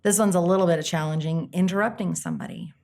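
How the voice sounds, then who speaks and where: Earnest woman coach, low gentle voice. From United States. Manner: earnest, gentle, pauses often and acts out little quotes. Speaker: life coach. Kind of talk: reflective self-help talk to camera.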